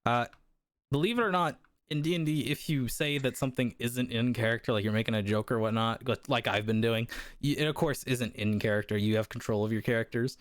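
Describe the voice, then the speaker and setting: A man's voice: mid-range voice, fairly quick, no room sound. A man running a tabletop game as dungeon master, narrating and voicing characters with a playful, laughing manner. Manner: playful, laughing often, voices NPCs.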